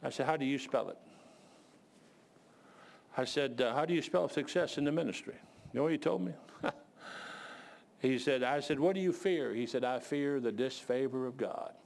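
A man preaching a sermon and telling animated stories, sometimes out of breath. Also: mid-range voice, moderate pace, vocal fry, pauses often. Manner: animated storytelling, shouts voices of others.

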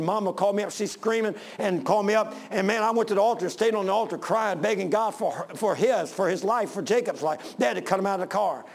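A middle-aged man preaches in a high, gravelly voice. His sermon is impassioned and repetitive, and he climbs to shouted peaks. He sounds like a pastor addressing his church. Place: church sanctuary with congregation.

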